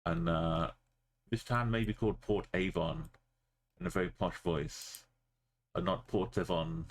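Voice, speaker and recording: A man's voice: sits low, normal speed, slight background noise. A man streaming a map game, talking in a rambling, jokey way. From Britain. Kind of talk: casual gaming commentary.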